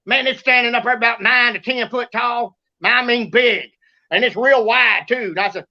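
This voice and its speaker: A man with a Kentucky Southern accent telling a story as host, excitable and drawling, acting out sounds and shouts. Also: very high-pitched, moderate pace, vocal fry, dull audio. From Kentucky, USA. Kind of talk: animated storytelling.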